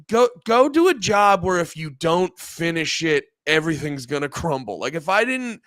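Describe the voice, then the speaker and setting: A man's voice: a little high, sharp tone, smooth, dry recording, clean studio sound. Rambling, cursing man in casual chat. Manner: rambling, profane, acts out quotes in mock voices. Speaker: co-host.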